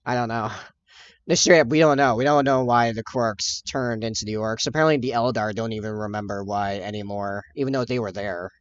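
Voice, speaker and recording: A man with a lowish, slightly fast voice livestreams while painting miniatures, chatting with viewers and answering their messages. He rambles, corrects himself and laughs a lot, and the stream audio is dull, dry and lo-fi.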